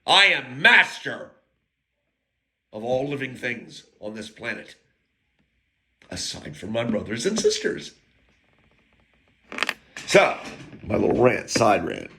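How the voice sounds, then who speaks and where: A man's voice: on the low side, sing-song, slow, gravelly, long pauses, noisy background. A man telling a rambling personal story in a blunt, crude way, drifting into side rants.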